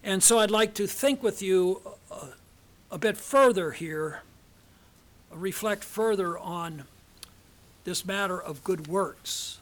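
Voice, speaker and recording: Older male professor, measured lecture delivery, higher-pitched voice, deliberate pauses. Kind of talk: theology lecture. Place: seminar hall.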